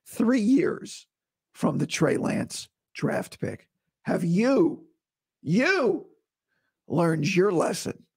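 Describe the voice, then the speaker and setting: Man, sports podcast host, hoarse and breathy, raspy high voice, blunt opinions. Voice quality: rough, breathy voice dropping into whispers. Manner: blunt, opinionated, talks straight to listeners. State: hoarse, recovering from vocal cord surgery. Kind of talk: casual solo podcast monologue.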